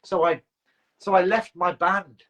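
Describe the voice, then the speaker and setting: A man's voice: sits high, level tone, measured pace, a bit bright, poor audio. A middle-aged man, a band frontman, telling rambling self-mocking stories and swearing freely in casual livestream chat. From England.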